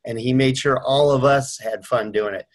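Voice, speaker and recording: A middle-aged man talks over a video call, earnest and warm in his storytelling. He slips into other people's voices when quoting them. His voice sits in a mid range. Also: mid-range voice, steady tone, moderate pace. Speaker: mortgage company owner. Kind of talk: video call tribute chat.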